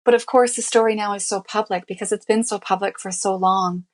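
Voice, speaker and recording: A woman's voice: mid-range voice, fairly even intonation, a little fast. A woman guest on an interview show, telling her own life story candidly and earnestly, full of "you know" and "I mean" fillers. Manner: emotional, reliving events as she tells them. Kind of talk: personal storytelling in a conversational interview.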